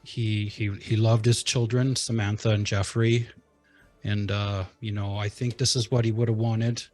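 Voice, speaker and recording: A man playing a tabletop game, giving a halting, earnest in-character eulogy. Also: lowish voice, little pitch movement, darkish tone, faint music behind. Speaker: player.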